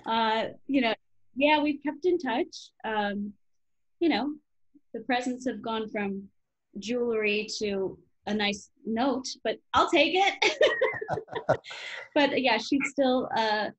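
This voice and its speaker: Heard through dull audio, this woman's slightly high voice belongs to a Chicago actress in her thirties. She's a chatty interview guest whose casual answers are peppered with "um" and "you know."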